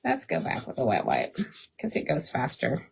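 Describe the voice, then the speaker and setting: A woman's voice: extremely low pitch, huge pitch swings, normal speed, gravelly, slightly rough. A woman hosting a craft livestream, chatting casually, laughing often and answering viewers by name. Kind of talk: casual live chat while crafting.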